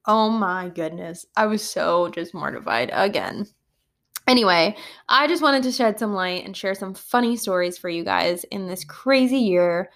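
A woman schoolteacher telling classroom stories on a casual podcast. She talks in an animated way, laughs often and keeps exclaiming "oh my goodness.". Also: medium pitch, moderate pace.

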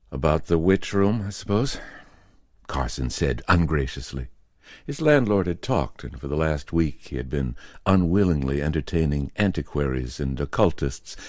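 A man with a very deep voice reads a horror story aloud, measured and expressive. His delivery moves through a lively range of pitch. The recording is close and dry, with no room sound. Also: no room sound. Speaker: narrator. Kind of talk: scripted horror story narration.

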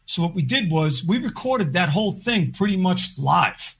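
A man with a high, husky voice rambles through studio stories as a podcast guest. His talk is loose and casual, packed with "like" fillers and restarts. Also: expressive, normal speed, a bit bright. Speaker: podcast guest, record producer. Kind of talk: casual storytelling.

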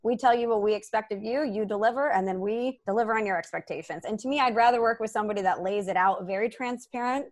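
A woman's voice: mid-range voice, fast, few pauses. A woman producer in a casual chat, talking in a frank, matter-of-fact way.

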